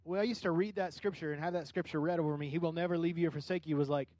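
Middle-aged guy preaching, kinda high voice, dry close sound, gets worked up then drops quiet. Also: racing, no echo. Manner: conversational preaching with rising animated bursts. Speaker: pastor. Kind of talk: sermon.

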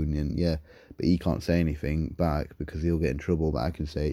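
A man's voice: a bass voice, steady tone, normal speed, dark tone, dry recording. A man, co-hosting a podcast and frankly telling stories about customers, with plenty of swearing. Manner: frank, profane storytelling. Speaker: podcast co-host. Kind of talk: casual chat.

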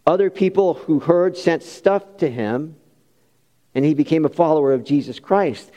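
A man preaches with fervor, his voice climbing to emphatic peaks and softening into folksy personal asides. His tone is mellow and dark, and he sits somewhat high for a man. The sound carries a long reverb, as if it fills a large hall. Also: moderate pace. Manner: impassioned, rising to emphatic peaks. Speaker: pastor. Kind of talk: sermon.

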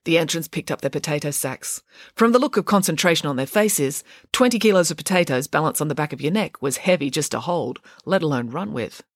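Woman reading a kids' story aloud, low voice that moves a lot, super dry close sound. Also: fairly quick, dry recording. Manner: expressive, lively reading. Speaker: audiobook narrator. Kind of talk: storybook narration.

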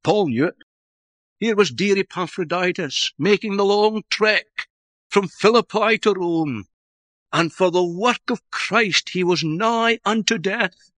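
Male preacher, Northern Irish accent, high and bright, dramatic swells and slow low drops, dry close sound. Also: lively intonation, dry recording. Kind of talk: sermon.

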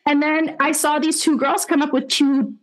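Telling stories in a laid-back podcast chat, a young adult woman who trains dogs speaks at a moderate pace in a high-pitched voice. She's animated, curses without hesitation, and fills her talk with fillers.

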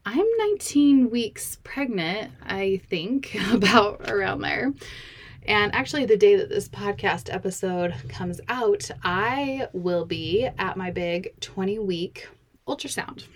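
A woman hosts her podcast in an easy, chatty way, bubbly and quick to laugh. She speaks slowly and unhurriedly. A slight breathlessness runs under her words. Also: medium pitch, animated. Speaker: podcast host. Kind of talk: casual podcast talk.

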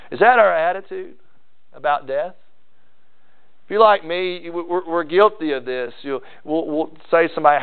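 A man's voice: sits high, lively intonation, brisk, clear, resonant tone. A male pastor preaching a sermon in a folksy, emphatic way, repeating key phrases. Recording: tinny phone-like sound.

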